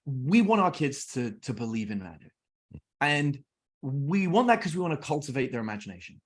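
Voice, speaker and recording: A man's voice: mid-range voice, moderate pace. A middle-aged English man, a podcast guest, telling casual stories and acting out conversations with his kids. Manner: lively anecdotes, acts out family dialogue. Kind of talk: casual storytelling.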